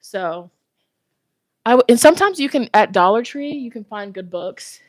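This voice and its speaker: A woman's voice: fairly high pitch, expressive, normal speed, darkish tone, no echo. A woman tarot reader chatting casually with her livestream viewers, out of breath, giggly and talkative, speaking close to her phone microphone at home. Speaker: tarot reader and spiritual host. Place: at home, walking around. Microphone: phone microphone held close.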